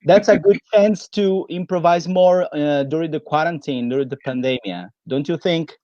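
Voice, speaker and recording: A man's voice: on the high side, normal speed, no room sound, muffled recording. A man with an Italian accent, co-hosting a live stream and joking with the guest. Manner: laughing, joking. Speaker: co-host. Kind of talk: playful live-stream chat. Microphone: video call.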